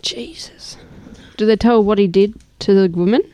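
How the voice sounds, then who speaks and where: A woman's voice: medium pitch, steady tone, fast talker, warm tone, clean tone. A young woman co-hosting a casual chat podcast, reacting with lots of fillers and slang. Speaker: co-host.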